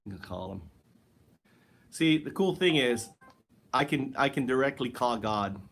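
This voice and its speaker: With an animated, slightly bright medium-pitched voice at a moderate pace, a man chats alone on a home livestream. The talk is loose and meandering, and he jokes wryly while addressing a listener who never responds.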